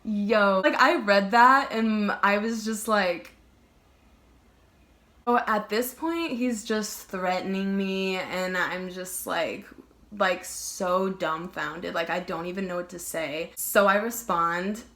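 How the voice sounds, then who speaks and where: A woman's voice: mid-range voice, takes it slowly, fairly bright tone. A young woman vlogger telling a casual storytime, emphatic and heated, swearing and filling her talk with "like".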